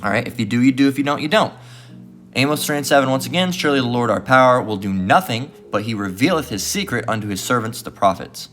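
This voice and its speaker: Over soft background music, a man gives street-style religious teaching, fast and animated, his medium-pitched voice a bit bright. He preaches and reads scripture with heat and profanity, ridicules his opponents by imitating their voices, and ends nearly every phrase with "all right."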